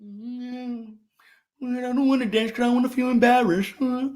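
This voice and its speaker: A man's voice: very high-pitched, steady tone, measured pace, darkish tone. A man voicing a shy, embarrassed overweight girl at a prom who mumbles self-pityingly. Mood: sulky.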